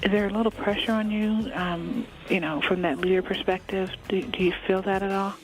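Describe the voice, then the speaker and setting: A woman's voice: medium pitch, steady tone, brisk, noisy background. A woman hosting a radio interview, talking in a chatty, candid way with frequent restarts. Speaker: radio host.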